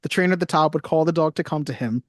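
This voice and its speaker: A podcast co-host recapping a film in a casual, animated chat, swearing often. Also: mid-range voice, very fast, dry recording, clean studio sound.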